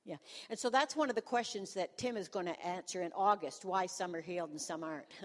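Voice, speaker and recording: A woman's voice: on the low side, fairly quick, a little hiss or hum. A woman in her sixties, a pastor's wife, telling a humorous personal testimony to a congregation in a self-mocking, storytelling manner, in a church hall.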